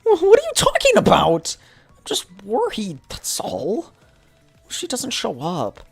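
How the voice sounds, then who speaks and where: A man's voice: high voice, huge pitch swings, measured pace, gravelly, husky, faint music behind, heavily acted. A man voicing a cheerful, nervous young woman train conductor while reading game dialogue aloud on a stream. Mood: flustered.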